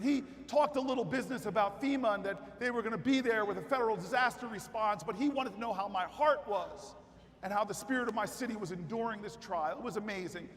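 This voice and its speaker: A man giving a political convention speech, telling a story that builds to shouted rallying cries. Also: extremely high pitch. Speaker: keynote speaker. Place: large convention hall with crowd. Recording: hall reverb with crowd.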